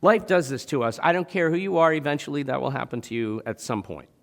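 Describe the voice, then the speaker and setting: A man's voice: on the high side, fast, vocal fry, big-room sound. A man preaching a sermon in a church, talking conversationally and asking the congregation rhetorical questions. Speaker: pastor. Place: church sanctuary.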